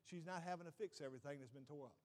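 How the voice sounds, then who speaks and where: High-voiced man preaching with emphasis. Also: rapid-fire, darkish tone. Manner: emphatic preaching, repeats "watch this", asks the congregation questions. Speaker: pastor. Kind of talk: sermon.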